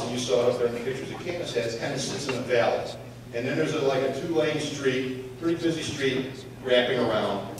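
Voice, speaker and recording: A middle-aged man with a Chicago accent telling a blunt, animated story to an audience at a public forum, raising his voice for emphasis. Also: on the high side. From Chicago area, United States. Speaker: panel speaker, former investigator. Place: university pavilion before an audience. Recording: very echoey hall, distant mic, faint hiss.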